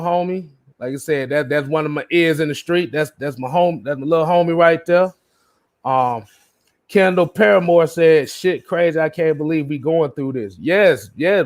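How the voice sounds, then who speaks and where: This livestream host runs a casual sports stream in a voice a little higher than most men's. He's loose and laid-back, laughing often and tripping over repeated words as he reads out chat comments.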